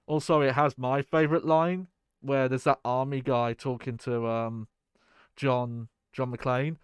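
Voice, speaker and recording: A man's voice: medium pitch, fairly even intonation, a little slow, clean tone, no room sound. A man streaming a video game, rambling casually and chatting with his viewers. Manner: rambling, chatty, swears and laughs. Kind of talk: casual gameplay commentary.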